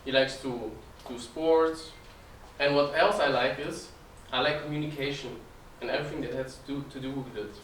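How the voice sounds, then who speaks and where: A man's voice: medium pitch, steady tone, moderate pace, a little hiss or hum. A man, giving an earnest informal talk to an audience and often restarting phrases. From Germany. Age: 20s. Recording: echoey room, distant mic, faint ambience.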